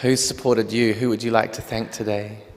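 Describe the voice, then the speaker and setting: A man with an Australian accent hosting an award ceremony, asking questions in a gentle, supportive way. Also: on the low side, little pitch movement, normal speed. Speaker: ceremony host. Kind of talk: on-stage interview and hosting. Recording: long echo of a hall.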